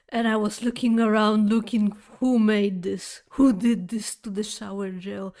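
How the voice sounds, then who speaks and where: A woman streamer telling a chatty, exaggerated story to her viewers, with halting phrasing full of fillers and restarts. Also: medium pitch, little pitch movement, a little mellow. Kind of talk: casual storytelling chat.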